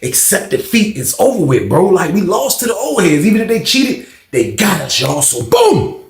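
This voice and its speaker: Guy rambling thru a story, raspy gravel in his voice, echoey room. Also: high voice, huge pitch swings, normal speed. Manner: loose, rambling, keeps asking if you follow. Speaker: storyteller recounting jail life. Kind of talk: casual storytelling to viewers.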